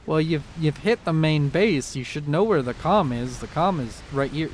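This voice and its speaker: A man's voice: a little high, animated, normal speed, slight background noise. A man casting a strategy game in a rambling, jokey way, talking straight to the players. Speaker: game caster.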